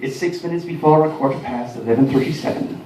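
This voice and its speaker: A man putting on a deadpan old Irish mother. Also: medium pitch, quick pace, background noise, lightly acted. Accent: Irish brogue, put on. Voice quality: lilting, straight-faced. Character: older Irish mother, deadpan, mangles sayings. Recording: roomy, distant mic, faint ambience.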